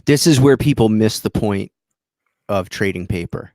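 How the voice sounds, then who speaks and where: A man's voice: lowish voice, expressive, warm tone, dry recording, clean studio sound. A man co-hosting, talking casually and restarting his sentences. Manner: halting, restarts a lot. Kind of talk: casual chat.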